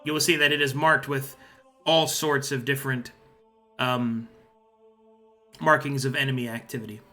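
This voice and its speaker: A man's voice: mid-range voice, level tone, moderate pace, sharp tone, faint music behind. A man running a tabletop game, explaining the setting in a loose, casual way with fillers and restarts. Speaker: game master.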